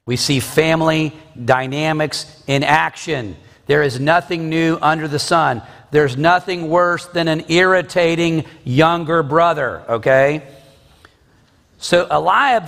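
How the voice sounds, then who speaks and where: A man's voice: a little high, a bit bright. A man in his forties teaching a Bible lesson in a conversational way, with asides and rhetorical questions. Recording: long reverb.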